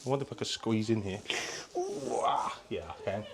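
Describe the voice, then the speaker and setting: A man vlogging a casual walking tour of an open-air museum, chatty and excitable, talking straight to his viewers. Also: fairly low pitch, very fast, noisy background. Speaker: travel vlogger. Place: visiting an open-air museum, indoors and outdoors.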